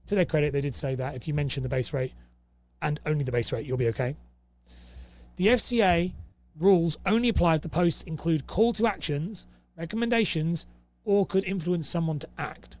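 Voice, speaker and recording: A man's voice: fairly high pitch, a little mellow. Sarcastic, exasperated man. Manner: exasperated, sarcastic, reading aloud and reacting. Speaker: host. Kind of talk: casual commentary to camera.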